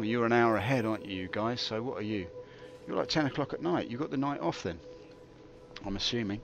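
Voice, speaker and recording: A man streaming a game, telling theatrical, jokey stories with big swings in pitch. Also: a little fast, vocal fry, dull audio, music in the background. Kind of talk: rambling live-stream commentary.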